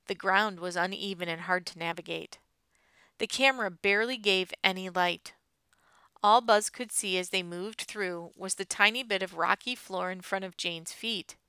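A woman narrating a children's adventure story with expressive storytelling, recorded close to the mic. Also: mid-range voice, clear, resonant tone, dry recording. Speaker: audiobook narrator. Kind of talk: scripted narration.

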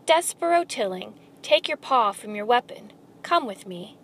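A woman voicing a sly, smooth-talking male rat villain in a storybook reading, with a silky, theatrical delivery. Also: fairly high pitch, lively intonation, normal speed, slight background noise. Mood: coaxing. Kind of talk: storybook read-aloud.

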